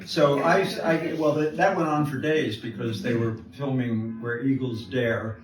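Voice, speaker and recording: A man's voice: medium pitch, fairly even intonation, unhurried, crowd noise. An older American man telling anecdotes on stage at a live event, rambling with many restarts. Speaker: guest jeweler. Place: live event before an audience. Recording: distant echoey room mic, live event.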